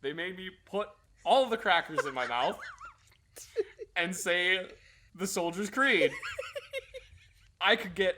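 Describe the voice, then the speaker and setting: A young man telling casual stories, laughing often and mimicking shouted orders. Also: high voice, expressive, slow, long pauses, noisy background. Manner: laughs often, mimics drill sergeants in bursts. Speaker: podcast co-host. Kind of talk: casual storytelling chat.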